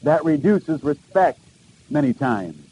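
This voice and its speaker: A middle-aged pastor preaches to a congregation in an earnest, questioning way, posing searching questions and repeating key phrases for emphasis. His voice is a little high, sing-song and a little slow, with a dark tone. The highs are cut off and there's a little hiss or hum.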